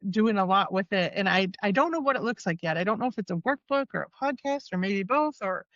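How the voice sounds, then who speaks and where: A woman's voice: medium pitch, animated, fairly quick, fairly bright tone, dry recording, muffled recording. A woman guest on a podcast, speaking earnestly and with conviction about her plans. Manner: earnest, emphatic. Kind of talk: casual conversation.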